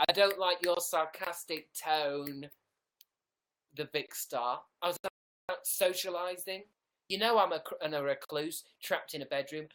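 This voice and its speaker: A young British man chats sarcastically on a livestream from his bedroom, hamming it up as a mock diva. His voice is fairly high and a bit bright, the easygoing talk of a stream host.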